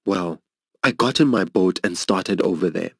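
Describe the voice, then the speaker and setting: A man's voice: normal speed, vocal fry, a bit bright, slightly rough, dry recording. A middle-aged man preaching, telling a personal story in an earnest, emotional way. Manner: earnest, emotional storytelling, voicing others' lines higher. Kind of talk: sermon testimony storytelling.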